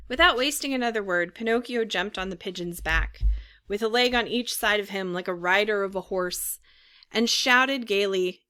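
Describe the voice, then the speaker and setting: A woman narrating a storybook in an expressive reading style. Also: medium pitch, moderate pace, clear, resonant tone. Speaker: audiobook narrator. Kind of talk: scripted narration.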